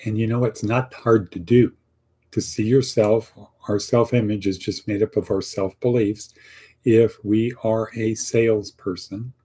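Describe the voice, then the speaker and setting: Man coaching job answers, low husky voice. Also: darkish tone. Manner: coaching, acts out sample answers, repeats lines for emphasis. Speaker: teacher of a career class. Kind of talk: casual online lesson.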